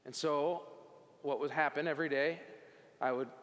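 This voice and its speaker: A man's voice: on the high side, fairly even intonation, normal speed, a bit bright. Earnest man telling his story in a hall. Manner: earnest, conversational storytelling with casual asides. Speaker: speaker giving a faith testimony. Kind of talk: personal testimony talk to an audience.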